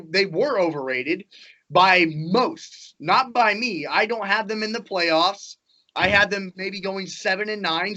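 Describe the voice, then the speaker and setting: A man co-hosting a casual sports podcast, talking quickly, laughing and repeating himself. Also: sits high, pushed and bright. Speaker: podcast co-host. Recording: dull lo-fi sound.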